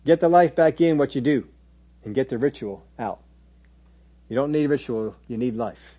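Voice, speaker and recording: A man's voice: medium pitch, normal speed, dark tone, breathy edge, highs cut off. A man preaching a sermon in a conversational teaching manner, now and then mimicking churchgoers in quoted asides.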